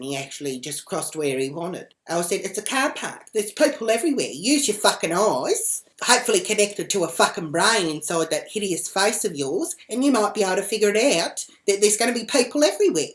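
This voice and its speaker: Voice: mid-range voice, natural voice. A comedian playing a brash, foul-mouthed woman who rambles and swears bluntly in a comedic character vlog.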